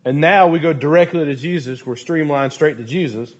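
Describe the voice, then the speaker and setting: A man's voice: a little high, fairly quick, lo-fi sound. Joking man leading a youth talk. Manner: loose, joking, animated storytelling. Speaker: youth group leader.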